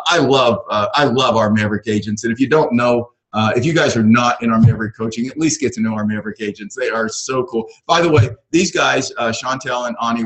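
A man's voice: medium pitch, poor audio. Middle-aged male coach, upbeat rambling webinar host, filler-heavy delivery. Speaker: real estate coach hosting a webinar. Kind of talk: casual webinar talk. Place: ranch.

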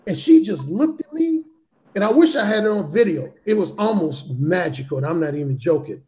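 A man's voice: high voice, big pitch swings, a little fast, warm tone. Blunt, profane male storyteller. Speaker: podcast guest, dating author. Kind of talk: casual storytelling in a talk show.

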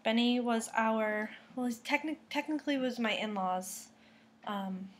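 A woman's voice: a little high, measured pace, slight background noise. A woman from Boston chatting casually to camera as a knitting vlogger, with many fillers and restarts. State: close to tears, subdued. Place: home kitchen.

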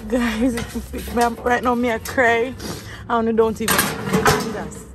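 A woman with a Jamaican accent, vlogging from home in a casual, excitable way, who also prays aloud. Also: fairly high pitch, normal speed, heavy background noise. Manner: prayerful, then excited and loud.

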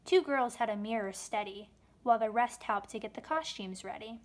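A woman reading a rhyming children's book aloud, with expressive storytelling delivery. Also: fairly high pitch, normal speed.

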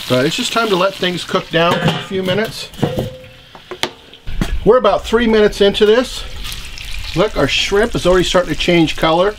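A man chats cheerfully to his viewers as he works an outdoor kettle grill on a cold, windy day. His voice sits a little on the high side, and loud sizzling from the grill runs under everything he says. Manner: chatty, upbeat, talks straight to viewers. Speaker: grilling channel host. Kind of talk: casual cooking vlog. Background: food sizzling on the grill.

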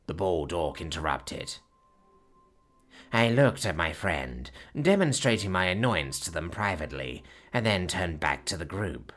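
A man's voice: low-pitched, animated, unhurried, a bit bright, soft background music. A man narrating a fantasy story, doing the characters' lines in his own voice.

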